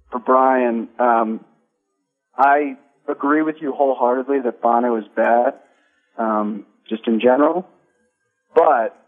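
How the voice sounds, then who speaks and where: A man speaks over a tinny phone connection, his story coming out in loose, halting bits. He pauses to hunt for words and fills the gaps as he goes. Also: mid-range voice. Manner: rambling, halting with fillers. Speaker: caller. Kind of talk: casual storytelling on a call-in show.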